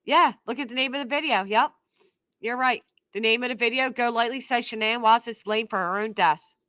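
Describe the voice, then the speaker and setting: A woman's voice: a little high, fairly quick, pushed and bright, dry recording. A middle-aged woman hosting a reaction commentary, sarcastic and scornful, repeating herself for emphasis. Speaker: commentary channel host.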